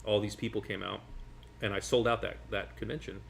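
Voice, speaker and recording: Fast-talking man telling rambling stories. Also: fairly low pitch, vocal fry. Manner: rambling, animated, many restarts. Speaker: magician guest. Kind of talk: casual storytelling chat. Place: sitting at a table over food.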